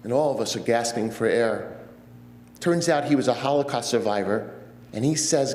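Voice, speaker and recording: Earnest rabbi preaching in an echoey church. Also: male voice, mid-range voice, a little mellow, slight background noise. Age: 50s. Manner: storytelling, earnest, with pauses. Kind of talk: sermon. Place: church sanctuary.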